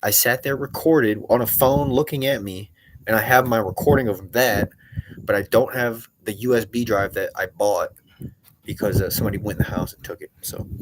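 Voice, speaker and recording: Agitated, profane man with a low voice. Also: noisy background. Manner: agitated, profane and rambling, with frequent self-corrections. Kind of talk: rambling monologue to camera.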